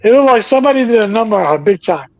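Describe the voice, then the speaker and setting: A man's voice: high-pitched, lively intonation, rapid-fire, a little mellow. Rambling man, dull lo-fi sound. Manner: rambling storyteller, many restarts. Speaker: podcast host. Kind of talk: casual wrestling chat.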